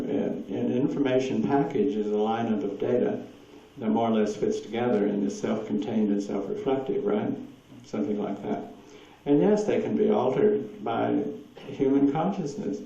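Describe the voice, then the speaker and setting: This lecture-and-Q&A recording is lo-fi and dull, with hiss and the echo of a distant room. The speaker, a man with a medium-pitched, dark voice, tells meandering stories, takes audience questions, and laughs frequently.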